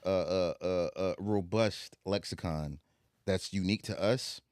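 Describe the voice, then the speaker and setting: A man's voice: low voice, a little slow, dry recording, clean studio sound. A young Southern man with an African American accent, chatting casually and telling stories with lots of asides. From Southern United States. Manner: animated, digressive storytelling. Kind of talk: casual chat.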